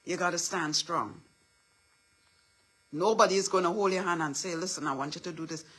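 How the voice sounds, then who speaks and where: Husky woman preaching self-worth. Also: on the low side, normal speed, fairly bright tone. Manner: preachy, repetitive affirmations. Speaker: motivational speaker. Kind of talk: motivational livestream talk.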